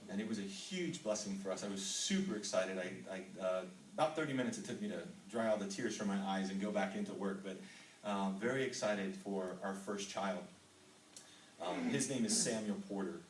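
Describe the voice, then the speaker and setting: A man's voice: on the low side, moderate pace, a little hiss or hum. A middle-aged man from Texas giving an earnest testimony to a men's ministry group, reading scripture and telling his own story with frequent ums. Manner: earnest, reads scripture then tells personal story with filler ums. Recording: roomy hall, voice from far off mic.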